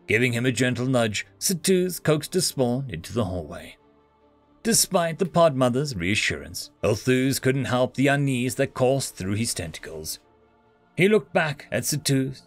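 A man narrating a science-fiction story in an expressive reading style. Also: medium pitch.

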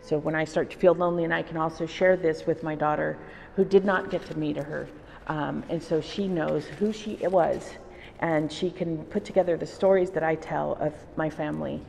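A woman's voice: low voice, steady tone, normal speed, vocal fry, darkish tone, slight background noise. A middle-aged woman from El Salvador, a wood-carving artist, telling personal stories in a reflective interview. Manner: reflective, storytelling. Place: art exhibition hall. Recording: reverberant exhibition hall.

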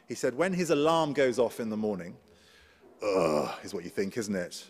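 A man's voice: mid-range voice, big pitch swings, brisk. A man with an English accent preaching a sermon in a conversational way, often asking his congregation questions. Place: church. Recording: long church reverb.

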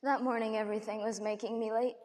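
A young woman performing a dramatic monologue as a grieving young mother, speaking in a hushed, halting way with broken restarts. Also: on the high side, level tone, big-room sound, natural voice. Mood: hushed recollection. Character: grieving young mother who lost her little son. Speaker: competitive speech performer.

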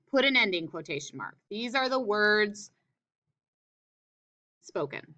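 A woman's voice: high voice, bright, forceful tone. A woman teacher explaining punctuation in a classroom writing lesson, reading examples aloud with expression.

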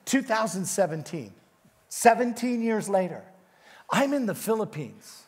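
High-voiced male preacher in a reverberant hall. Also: measured pace. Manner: animated storytelling, coaxing the congregation. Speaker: guest pastor. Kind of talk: sermon. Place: church sanctuary.

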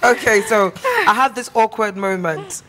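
Woman talk show co-host, chatty and giggly, mid pitch. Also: normal speed, noisy background. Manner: chatty, reads out viewer messages, laughs often. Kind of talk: casual chat.

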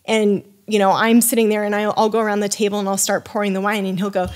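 A woman's voice: medium pitch, little pitch movement, fast. Chatty woman telling a long story. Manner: chatty, rambling, many restarts and fillers; acts out quoted dialogue with her voice rising. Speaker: podcast guest, wine sommelier. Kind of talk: casual interview storytelling.

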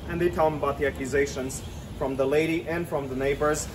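A man's voice: fairly high pitch, steady tone, fast, background noise. A middle-aged man, a tour guide, animatedly telling a legend outdoors on a city street and pointing out spots. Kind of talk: storytelling on a walking tour.

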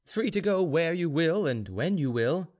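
A man's voice: a little high, animated, a little slow, darkish tone, voice pushed up. Man doing a bitter envious servant. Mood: challenging.

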